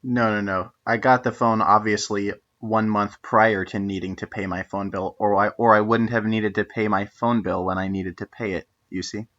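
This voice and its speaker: A man's voice: fairly low pitch, steady tone, normal speed, hardly any pauses, fairly bright tone, dull audio. A man hosting a stream, chatting casually in an offhand, defensive way and swearing loosely. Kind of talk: casual chat.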